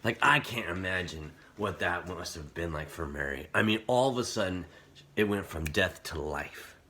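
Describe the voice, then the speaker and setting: A man's voice: deep voice, expressive, normal speed, pushed and bright, a little hiss or hum. A man giving a casual, earnest youth sermon, talking conversationally with many "like" fillers. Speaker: camp speaker.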